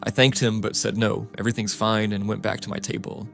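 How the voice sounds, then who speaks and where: A man reading first-person stories aloud as scripted narration, in a steady, flat reading manner. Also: on the low side, a little fast, vocal fry. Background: music.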